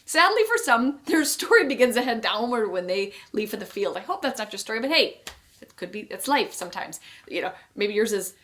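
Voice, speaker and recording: A woman co-hosting a marriage course, explaining ideas in an expressive, playful storytelling manner. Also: on the high side, a little fast. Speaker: co-host teaching a marriage course. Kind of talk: teaching a video course.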